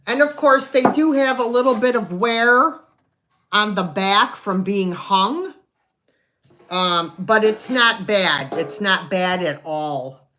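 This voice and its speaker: A woman's voice: medium pitch, slow, bright, forceful tone, faint music behind. A woman hosting a live online sale, chatting in a folksy way, describing items and counting down sales. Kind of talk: live selling stream.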